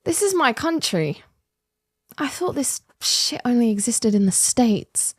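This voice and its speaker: A woman's voice: fairly high pitch, big pitch swings, measured pace, over music. A woman hosting a reaction commentary, blunt and sarcastic. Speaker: commentary host.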